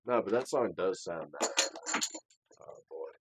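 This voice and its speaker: A man's voice: deep voice, animated, measured pace, very noisy. A man hosting a casual late-night podcast chat with friends, teasing and joking with plenty of swearing, on a microphone hung from fishing line. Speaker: podcast host. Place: room at home late at night.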